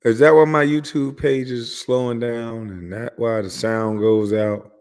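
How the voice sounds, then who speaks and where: A man's voice: mid-range voice, steady tone, measured pace, a little mellow, clean tone, long reverb tail. A man hosting his own channel, talking back at a clip he is playing and mocking the speaker in it. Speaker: channel host reacting to a clip. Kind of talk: casual reaction commentary.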